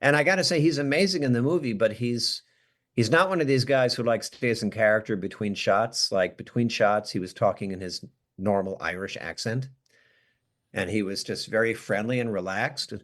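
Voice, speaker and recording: A lowish-voiced American man, speaking at normal speed, is a guest in a casual podcast interview. Animated and self-mocking, he tells stories and voices the quotes within them.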